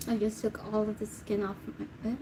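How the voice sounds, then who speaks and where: A woman's voice: medium pitch, level tone, brisk, background noise. A woman hosting a live tarot Q&A stream, chatting casually, laughing often and reading viewer comments aloud. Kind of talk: casual livestream chat.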